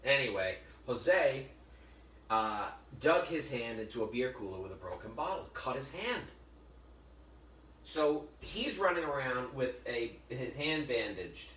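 A chatty male chef talks viewers through a live cooking demo, joking and calling them folks as he goes. His voice sits at a middle pitch, picked up from a distance in a roomy, echoing space. A faint hiss of noise runs underneath. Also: sing-song, a little slow, fairly bright tone. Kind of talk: live cooking demonstration with storytelling. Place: kitchen or library demo room.

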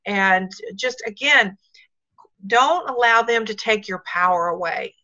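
Bright-voiced woman coaching over dull call audio. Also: medium pitch, animated, a little slow. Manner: upbeat, repetitive coaching. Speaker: team leader. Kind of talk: motivational video call talk. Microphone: video call.

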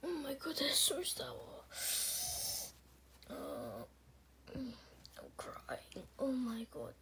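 A woman's voice: sits high, sing-song, a little slow, pushed and bright, a little hiss or hum, heavily acted. A woman voicing a male plush pig contestant who gives up easily and whispers strained reactions.

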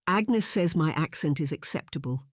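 A man voicing a polite, nervous but spirited young lady in an audiobook, lifting his pitch to sound earnest and questioning. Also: animated, moderate pace, dry recording, clean studio sound. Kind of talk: audiobook narration.

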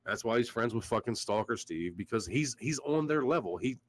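A man's voice: mid-range voice, expressive, a little fast, dry recording, rough recording. A man hosting a casual livestream chat, telling stories in a profane, ranting way. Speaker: show host.

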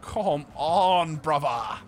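A man's voice: a little high, animated, extremely slow, faint music behind. A man bantering casually with friends while gaming, cheeky and swearing, laughing at his own mistakes. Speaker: gamer racing with friends.

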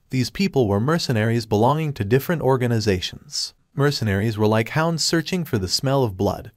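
A man reading a story recap aloud in a steady, even narration. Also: medium pitch, no echo, studio quality.

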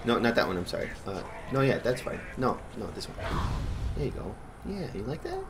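A man's voice: on the low side, brisk, noisy background. A man giving goofy, rambling gameplay commentary and talking to himself as he plays. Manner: goofy, rambling, talks to himself while playing. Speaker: gaming channel host.

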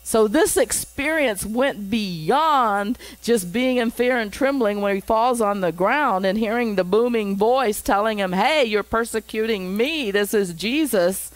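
A woman's voice: fairly high pitch, measured pace, hardly any pauses, no echo, poor audio. A woman pastor teaching a Bible lesson, reading scripture aloud and breaking off for chatty asides and chuckles.

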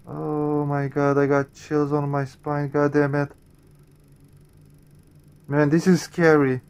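A man's voice: a little high, little pitch movement, takes it slowly, pauses often, smooth. A man hosting a gaming channel, reacting to a horror game with jumpy, swearing commentary addressed to his viewers.

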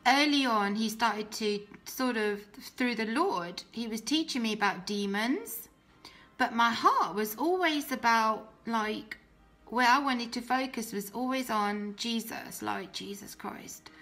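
A woman's voice: on the high side, measured pace, fairly bright tone, faint music behind. A young woman tells her personal faith testimony in an earnest, heartfelt way, often restarting her sentences.

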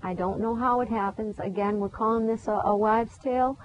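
A woman's voice: on the high side, fairly even intonation, a little fast. A woman, hosting a gardening show and chatting casually with a guest outdoors. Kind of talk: casual chat. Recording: dull lo-fi sound with faint background noise.

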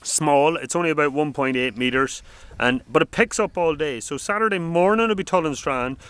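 A man's voice: on the high side, brisk, a bit bright, clear, resonant tone, no echo. A man hosting a comedic video surf report outdoors in front of a lodge, rambling and flustered, full of fillers and restarts. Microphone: camera on a stand.

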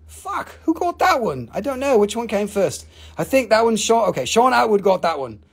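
A husky, slightly breathy voice runs a loose live-stream sale from a family rock shop. The talk rambles between prices and profane jokes, with bursts of laughter in the rhythm. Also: mid-range voice, very animated, moderate pace. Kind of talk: casual live sales show.

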